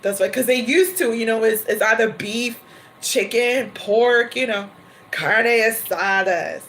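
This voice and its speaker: A woman hosting a livestream, chatting casually and laughing often between quick asides. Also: on the high side, a bit bright, a little hiss or hum, low-quality recording. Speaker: tarot reader livestream host.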